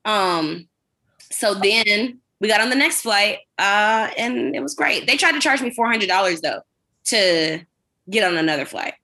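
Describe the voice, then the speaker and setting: A woman co-hosting a podcast, telling a long, animated, rambling anecdote in casual chat with plenty of swearing. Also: medium pitch, measured pace. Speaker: podcast co-host.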